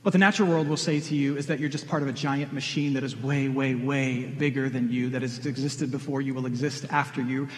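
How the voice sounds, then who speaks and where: A man's voice: medium pitch, steady tone, fairly quick, few pauses. A middle-aged man preaching a sermon, earnest and direct, pressing questions on his congregation. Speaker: pastor. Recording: long reverb of a large hall.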